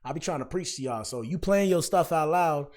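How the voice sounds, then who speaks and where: A man's voice: fairly high pitch, expressive, a little fast, a little mellow. A young man giving casual, preachy reaction commentary in slangy talk, speaking straight to his viewers. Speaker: commentary streamer.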